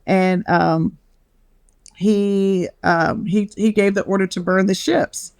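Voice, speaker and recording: Middle-aged woman, bubbly storyteller, laughs often, smooth voice, dry recording. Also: medium pitch, steady tone, takes it slowly, darkish tone, no echo. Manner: bubbly storyteller, acts out quotes. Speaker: podcast guest, wellness author. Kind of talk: casual interview chat.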